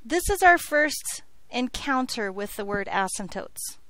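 A high school algebra teacher delivers a classroom lecture in a fairly high, bright, forceful voice with big pitch swings and an unhurried pace. She's playful and jokey with her students, checking in often with "okay?"

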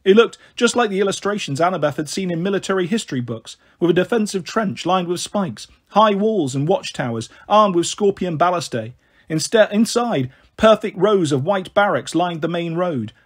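A man narrating a storybook in a steady reading voice. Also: fairly high pitch, slightly rough. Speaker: audiobook narrator.

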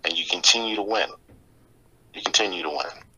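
A man's voice: low voice, fairly quick, bright, forceful tone, breathy edge, rough recording. A middle-aged man speaking as a podcast guest, reflective and motivational, with frequent filler phrases. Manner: reflective, motivational, many "you know" fillers. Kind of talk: casual interview talk.

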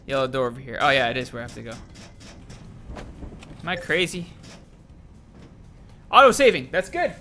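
Excitable young man playing a shooter. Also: medium pitch, quick pace, pauses often, slight background noise. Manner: excitable, talks to himself and viewers while playing, yelps and laughs. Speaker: gaming YouTuber. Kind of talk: casual let's-play commentary.

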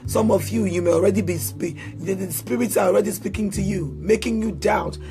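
A man's voice: high-pitched, fast, warm tone, faint music behind. A man preaching and leading prayer, chanting declarations in a sing-song rhythm and prompting listeners to repeat after him. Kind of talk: sermon prayer.

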